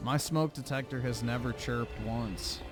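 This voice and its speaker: A man's voice: medium pitch, steady tone, unhurried. A man hosting a livestream, reading viewer donations aloud in casual chat with an offhand, blunt manner and casual swearing. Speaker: livestream host. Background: music playing under the voice.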